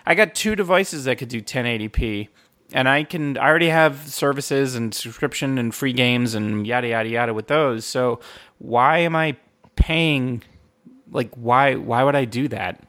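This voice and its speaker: A man hosting a podcast in casual chat, rambling and profane, with quick asides. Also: mid-range voice, fairly bright tone.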